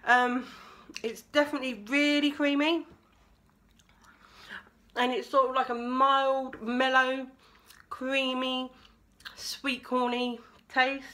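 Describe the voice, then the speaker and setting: A woman's voice: high voice, flat delivery, slow pace, pauses often, sharp tone. A woman vlogging casually at home, chatting with her mouth full as she tries sweets. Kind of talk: casual taste-test vlog.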